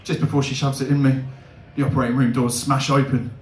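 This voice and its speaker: A young man doing stand-up comedy, animated and laughing, with big swings in pitch. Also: quick pace, reverberant.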